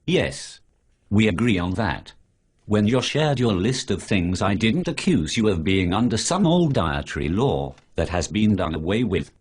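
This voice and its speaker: Synthetic male voice as a lecturing superhero, very deep, lively swoops, husky, sarcastic, animated dialogue. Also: measured pace, heavily acted. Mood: arguing. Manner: lecturing, sarcastic, lists things off. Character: preachy sarcastic male superhero who refuses pork.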